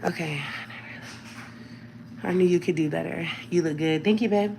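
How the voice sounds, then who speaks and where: A woman chats casually to her livestream viewers as she moves around her home. Her voice sits a little low for a woman and comes through a phone held at arm's length. A clear hiss of home background noise runs under her talk. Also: moderate pace. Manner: chatty, talks straight to viewers, often drops to a whisper. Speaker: livestream host. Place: home, walking through rooms.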